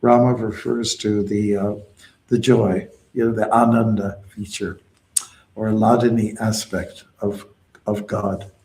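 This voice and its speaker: A man's voice: fairly low pitch, flat delivery, measured pace, darkish tone, low-quality recording. A man teaching a devotional mantra, explaining it patiently and calling out chant lines for a group to repeat. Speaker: devotional teacher leading kirtan. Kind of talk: call-and-response mantra teaching.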